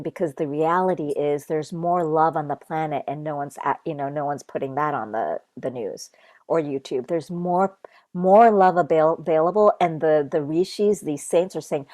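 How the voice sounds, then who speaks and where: Her voice is deep and slightly mellow, at a normal pace in a dry recording. Appearing as a guest in a relaxed conversation about spirituality, this woman from Japan talks sincerely but loosely, peppering her speech with "like" and "you know."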